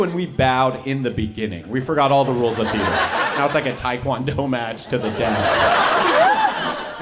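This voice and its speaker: A man performing a stand-up set, telling stories with animated delivery on a comedy stage. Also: medium pitch, very noisy. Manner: animated storytelling.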